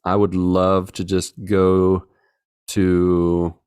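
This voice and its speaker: Joking man, lowish dry voice. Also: completely flat delivery, very slow, darkish tone, clear, resonant tone, no echo. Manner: joking, reads out listener messages. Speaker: podcast co-host. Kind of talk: casual chat.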